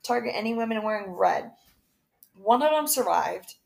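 A woman's voice: fairly high pitch, expressive, normal speed, vocal fry, a little mellow. A young woman co-hosting a podcast in casual chat, talky and full of fillers. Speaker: podcast co-host.

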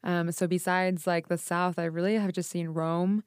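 Podcast guest: young woman, smooth lower voice, chatty and filler-heavy, dry sound. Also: flat delivery, moderate pace, dry recording. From United States. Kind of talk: casual chat.

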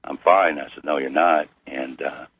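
A middle-aged man from Missouri, a guest telling his story slowly with many pauses and fillers. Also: extremely low pitch, fairly even intonation, husky. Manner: slow, halting with many fillers. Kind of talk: storytelling interview. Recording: tinny phone-like radio line.

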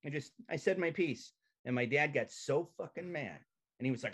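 A male comedian telling a profane, animated comic story as a podcast guest over a video call. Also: fairly high pitch, moderate pace, breathy edge.

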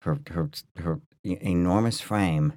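A man with a very low voice tells a story on a podcast, loose and rambling, with lots of restarts and fillers. The sound is dry and close, with no room behind it. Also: a little slow, no room sound. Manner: rambling, full of restarts and "like", animated. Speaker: podcast co-host. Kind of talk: casual storytelling chat.

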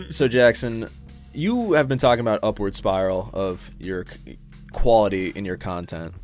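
A male podcast host with a somewhat low voice, joking loosely with his guest. He swears freely in relaxed chat. Faint music sits in the background. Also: normal speed.

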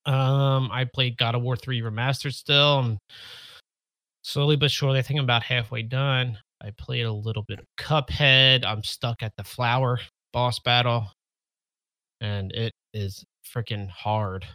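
A man co-hosts a casual gaming podcast in a blunt, dismissive way. He sits at a middle pitch for a man. His voice is recorded close and dry, with no room sound. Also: steady tone, measured pace, sharp tone, no room sound. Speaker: podcast co-host. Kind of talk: casual chat.

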